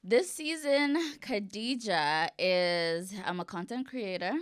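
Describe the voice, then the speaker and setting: A woman's voice: medium pitch, expressive, takes it slowly, smooth, dry recording, clean studio sound. A woman from Nigeria in her thirties, a guest on a talk show, chatting with lots of laughter. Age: 30s. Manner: warm, laughs often, exclaims "oh my goodness". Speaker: guest, content creator. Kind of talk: casual chat.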